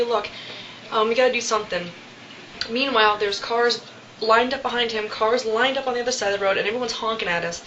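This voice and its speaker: Young woman vlogger, casual storytelling, bright and chatty, with a faint hiss on dull lo-fi home audio. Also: medium pitch. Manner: chatty, animated, many fillers and quoted asides.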